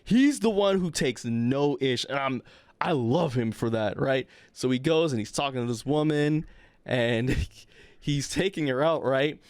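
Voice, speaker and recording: A man's voice: mid-range voice, measured pace, darkish tone, clear, resonant tone, dry recording. Male podcast co-host with a mid-range voice, telling a casual anecdote and acting out its people. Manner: acts out the people in his stories.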